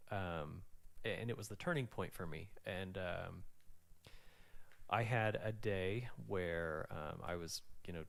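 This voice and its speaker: A man in his forties, a guest in a casual interview, telling rambling, animated stories with lots of fillers. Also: sits low, measured pace, gravelly. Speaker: guest, financial planner.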